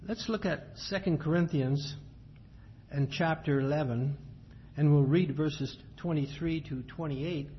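Here a man preaches in a somewhat high voice, reading verses with measured cadence before putting them into ordinary, plain language. The audio is dull and lo-fi, and a faint ambience sits behind him.

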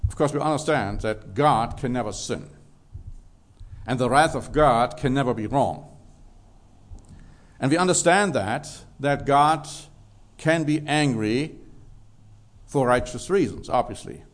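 A male preacher delivering a sermon in an emphatic style. His voice sits at a medium pitch, and he reads scripture aloud, pressing hard on the words he wants to stress. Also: expressive, unhurried, pauses often.

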